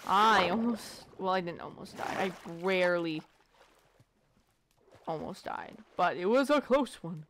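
A woman's voice: lowish voice, lively intonation, measured pace, noisy background. A woman casually commentating her gameplay, playful and foul-mouthed, chatting to the animals she meets. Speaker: let's play gamer.

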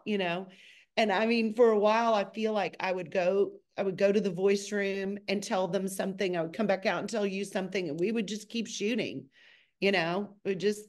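A middle-aged woman, a choreographer, telling lively stories in a casual podcast chat, sometimes speeding up in bursts. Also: brisk. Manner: animated, acts out quotes with a high excited voice.

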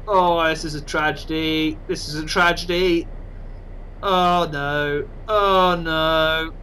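A man casually commentating on his own game, excitable and self-mocking. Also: on the high side, slow, a little hiss or hum, low-quality recording. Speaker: gaming channel host.

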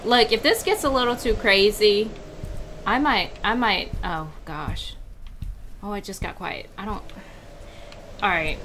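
A woman giving horror game let's-play commentary, jittery and swinging from hushed muttering to frantic yelps. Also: mid-range voice, expressive, slow, pauses often, noisy background. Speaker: video game player.

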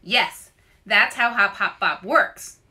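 A woman voicing a playful, pushy little female bird who squeals with excitement. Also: mid-range voice, slow.

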